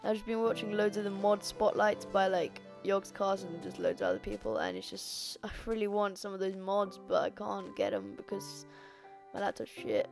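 A woman's voice: mid-range voice, animated, normal speed, creaky, over music. A woman giving rambling, sweary let's play commentary. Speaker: gamer.

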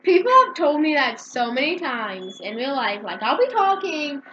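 Host, woman, giggly gameplay chatter, high and bouncy delivery, noisy backing hiss. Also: moderate pace, muffled recording. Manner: excitable and giggly. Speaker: channel host. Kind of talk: casual gameplay commentary. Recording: noisy background.

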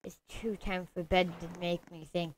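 A female gamer giving excitable live commentary over her gameplay, yelling insults at opponents. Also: fairly low pitch, moderate pace, slight background noise.

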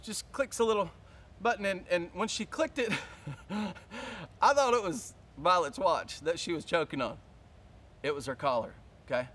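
A male pastor preaching a sermon, telling a story in a lively, casual way and acting out his own panic. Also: high-pitched, normal speed, long pauses.

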